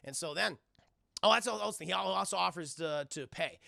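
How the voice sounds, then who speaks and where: Gravelly, bright-voiced male streamer. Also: fast talker, dry recording, clean studio sound. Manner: animated and profane, acting out characters' lines with shrill squeals; talks straight to his chat, thanking viewers. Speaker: streamer reviewing a film. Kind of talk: live-stream film recap.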